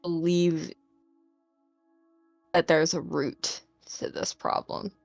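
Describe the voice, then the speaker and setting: A woman playing a tabletop role-play game, talking slowly and thoughtfully about her character. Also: low voice, fairly even intonation, gravelly, darkish tone, no room sound, faint music behind. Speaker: player.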